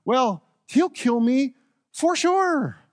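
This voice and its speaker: A man's voice: very high-pitched, very animated, a little mellow, no echo, pitched above the performer's own voice, heavily acted. A man voicing a fearful royal servant who pleads in a worried rush. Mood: anxious. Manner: worried, rapid protest.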